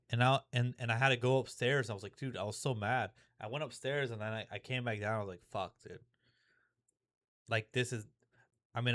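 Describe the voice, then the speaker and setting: A man's voice: on the low side, no room sound, clean studio sound. A young man vlogging in a frank, rambling way, swearing often and restarting his sentences as he talks things through. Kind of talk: confessional vlog.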